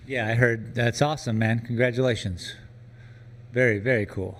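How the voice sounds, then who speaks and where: A man's voice: mid-range voice, fairly even intonation, normal speed, a bit bright. A man chatting casually on a live stream from a gallery workroom, joking around and teasing his puppy between comments.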